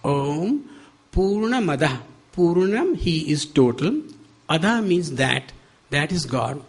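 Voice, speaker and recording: An older man with an Indian accent, giving a spiritual talk at a devotional center, animated and laughing often as he acts out quoted dialogue. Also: high-pitched. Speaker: guest speaker.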